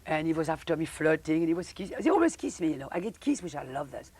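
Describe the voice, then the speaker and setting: A woman's voice: sing-song, fast, slightly rough. An older woman with a French accent, a former film actress chatting flamboyantly in an interview and calling people darling. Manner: flamboyant, calls people darling, trails off in soft low asides. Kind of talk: casual interview chat.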